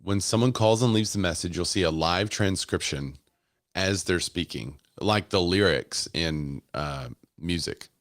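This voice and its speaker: A man with a deep, low voice gives easygoing live commentary, thinking aloud and answering viewers' comments. The sound is close and dry, with no room around it. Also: unhurried, a bit bright, no echo. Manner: casual, musing, chats with viewers in comments. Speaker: host. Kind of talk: live commentary on a keynote stream.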